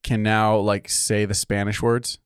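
A man's voice: on the low side, clear, resonant tone, no room sound, clean studio sound. A man in casual podcast chat from California, telling stories with lots of laughter. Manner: animated storytelling, quick to laugh. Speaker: podcast co-host.

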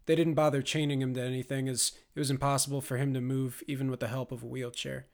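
A man reading scripted audiobook narration in a measured, grave manner. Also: mid-range voice, flat delivery.

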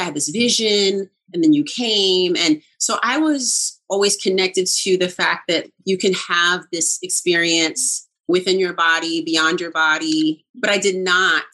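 A middle-aged woman with a fairly low-pitched voice tells a personal story in casual conversation. She is animated, acts out the lines she quotes, and laughs frequently.

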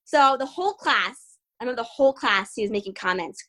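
Bright-voiced young woman telling a story. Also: medium pitch, fast talker, rough recording. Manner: animated, laughs often, acts out quotes. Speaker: guest fighter. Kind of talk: casual interview storytelling.

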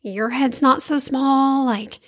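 A woman's voice: sits high, fairly even intonation, slow pace, fairly bright tone, heavily acted. A woman quoting her blunt, tactless older mother-in-law in nearly her own voice.

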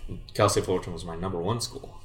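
A young man with a very low-pitched voice tells a long rambling story, slipping into quoted dialogue as he goes. The room echoes around him. It sounds like a relaxed, casual conversation. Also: fast talker, soft background music. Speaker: guest, former baseball player.

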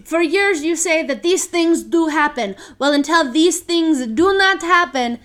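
A woman's voice: extremely high pitch, animated, measured pace, fairly bright tone, pitched above the performer's own voice, full character voice. A woman putting on a huffy diva in a tantrum. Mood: indignant. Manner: huffy, broken-English outburst. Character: haughty diva soprano in a tantrum.

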